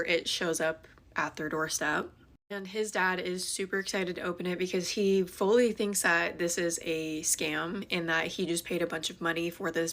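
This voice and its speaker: A woman telling a scary story to her viewers in a quick, chatty way, with dramatic asides. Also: on the low side, sharp tone. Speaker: ghost story creator. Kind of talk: casual storytelling to camera.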